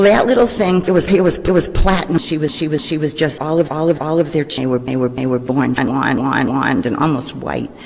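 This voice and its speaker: A woman's voice: sits low, vocal fry, a little mellow. An older woman giving an informal speech about her brother at a gathering, chatty and rambling, often repeating herself as she tells a family story. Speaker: sister giving a memorial speech. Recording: echoey hall with faint noise.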